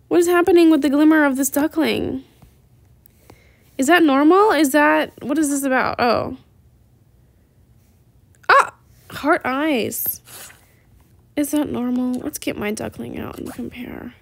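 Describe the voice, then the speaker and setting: Woman gaming host, chatty and rambling, higher voice with vocal fry. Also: no echo. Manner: chatty and rambling, easily excited. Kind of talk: casual gameplay commentary.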